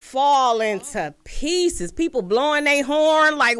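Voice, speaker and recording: A woman hosting a call-in talk show, telling a personal story in a casual, animated way and acting out the quoted voices. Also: high voice, unhurried, few pauses, no echo, studio quality. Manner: animated retelling with acted-out quotes. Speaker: host.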